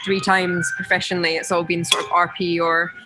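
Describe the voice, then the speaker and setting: A woman with a Scottish accent, an actress talking reflectively in a video-call interview, with many ums and pauses. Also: on the low side, flat delivery, noisy background. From Scotland.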